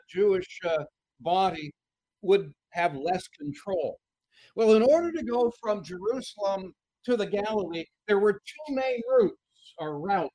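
A middle-aged man preaching a sermon in an earnest, measured way, reading scripture aloud as he goes. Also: high-pitched, warm tone, no room sound, poor audio.

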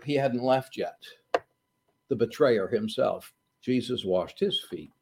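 A man preaching a sermon, telling a Bible story in an earnest, storytelling manner. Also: high-pitched.

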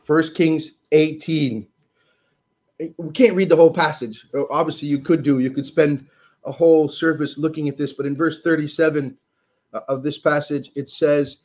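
A man preaching a sermon, reading scripture with rising force and dropping low on asides, with frequent restarts. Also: low-quality recording. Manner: animated, rises loud on scripture and drops low on asides; halting, with restarts and fillers.

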